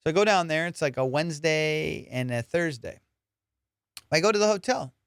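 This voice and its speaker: A man's voice: fairly high pitch, expressive, normal speed, a bit bright, smooth, dry recording, clean studio sound. A man hosting a comedy podcast, riffing in a casual, profane way and slipping into put-on voices.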